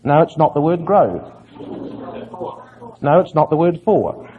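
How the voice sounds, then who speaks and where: A man's voice: on the high side, sing-song, unhurried. A man preaching an earnest Bible exposition sermon, putting questions to his listeners and answering them himself. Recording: muffled lo-fi sermon recording.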